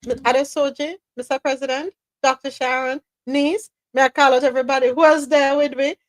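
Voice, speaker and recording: A woman hosting a live news chat stream, lively and teasing, calling listeners by name. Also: sits high, fairly quick, no echo. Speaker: host.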